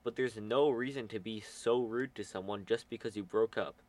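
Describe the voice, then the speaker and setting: A man's voice: on the low side, moderate pace, a little mellow. A teenage boy chatting casually, telling a school story in a rambling way with many fillers. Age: teens. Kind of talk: casual chat.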